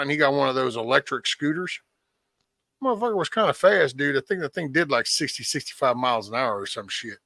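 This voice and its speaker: Gravelly man telling a wild story. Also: medium pitch, a little fast, no room sound. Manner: animated storyteller, acts out quotes, swears freely. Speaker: live stream host. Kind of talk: casual storytelling chat.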